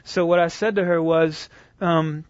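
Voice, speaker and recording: A man giving an animated storytelling talk, higher voice. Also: measured pace, clear, resonant tone, no room sound. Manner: conversational, animated retelling with restarts. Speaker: speaker teaching evangelism. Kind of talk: storytelling lecture. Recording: dull lo-fi dry recording.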